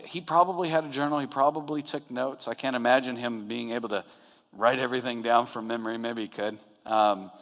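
A man preaching a sermon in a relaxed, conversational way, retelling scenes and acting out quotes. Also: mid-range voice. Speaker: pastor. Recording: long hall reverb.

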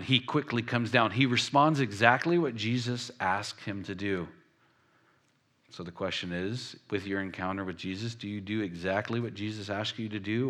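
A man's voice: medium pitch, normal speed, sharp tone. A man preaching a conversational sermon, asking the listeners rhetorical questions and stressing key words with emphasis.

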